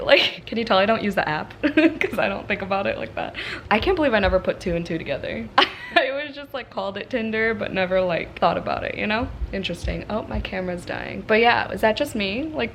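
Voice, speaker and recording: A woman chatting casually to her camera as a book vlogger, giggling and gushing as she goes. Her voice sits at an ordinary middle pitch. A faint hiss runs underneath, recorded indoors at a friend's home. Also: animated, fairly quick. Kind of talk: casual vlog chat.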